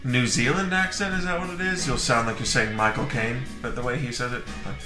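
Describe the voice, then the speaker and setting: A man's voice: mid-range voice, fairly even intonation. A man playing in a tabletop game, cracking jokes in casual chat. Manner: joking, drawn-out delivery. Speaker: player. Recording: echoey room with background music.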